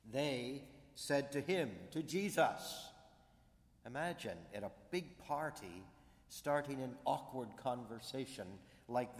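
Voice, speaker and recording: A male preacher delivers a sermon at an unhurried, measured pace, leaning on key words for emphasis. His voice carries a long reverb, as if he is speaking in a large church hall. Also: mid-range voice. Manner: slow, deliberate, emphatic pulpit delivery.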